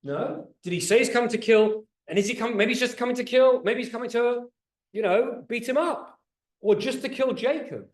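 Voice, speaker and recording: A middle-aged man, a rabbi, teaching a Torah class to a group, animated and questioning, often repeating words as he speeds up. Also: extremely high pitch, fairly quick. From England. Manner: animated, asks the audience questions, repeats words when excited. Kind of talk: lively teaching talk to a group. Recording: roomy echo.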